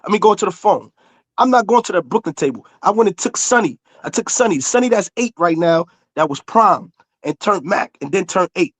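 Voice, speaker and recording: A man's voice: high-pitched, animated, fairly quick, a bit bright, no echo. A man, arguing heatedly in casual talk, insistent and repeating himself to be heard. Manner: insistent, repeats himself, talks over others.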